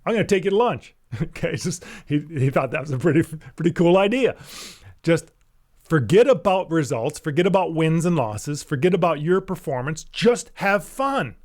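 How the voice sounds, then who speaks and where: A mental skills coach tells a story in a casual, animated manner, often chuckling between phrases. His voice sits fairly high and moves at a normal speed.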